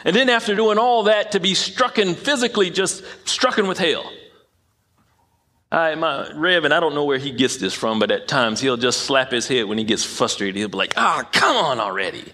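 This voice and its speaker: A man's voice: fairly high pitch, normal speed, bright, forceful tone. A man preaching a sermon in an emphatic way, often repeating phrases and tripping over his words. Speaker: pastor.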